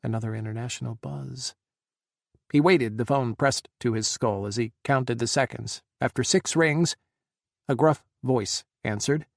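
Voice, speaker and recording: A man narrating an audiobook in a measured, dramatic way. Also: mid-range voice, gravelly, dry recording, clean studio sound. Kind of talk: scripted narration.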